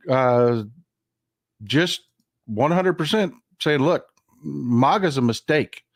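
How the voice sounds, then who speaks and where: A man hosting a casual political talk show in a loose, conversational way. His voice sits at a middle pitch and sounds close and dry, with no room around it. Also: no echo. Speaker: podcast host.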